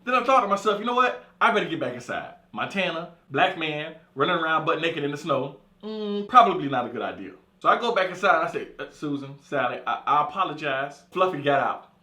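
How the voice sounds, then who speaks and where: A man's voice: fairly high pitch, brisk, hardly any pauses, reverberant. A man telling a profane comic story as a monologue, acting out the people in it. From California. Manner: animated, profane, acts out voices. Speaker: comedian storyteller.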